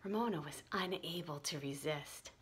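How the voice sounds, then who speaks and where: A woman's voice: low-pitched, moderate pace, husky. A woman tutor reading a children's chapter book aloud and explaining it in a friendly way.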